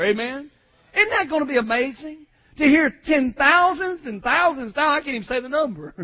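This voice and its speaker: Man preaching a sermon, very high voice, quiet asides building to shouted peaks, calls the congregation to repeat after him, dull lo-fi sound. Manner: swells from quiet asides to shouted, crying climaxes.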